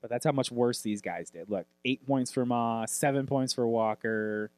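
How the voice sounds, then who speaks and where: A man's voice: mid-range voice, moderate pace, a little mellow, clean tone, no echo. Profane fantasy football co-host, man. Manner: rattles off player lists, crude and joking. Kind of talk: profane casual sports chat.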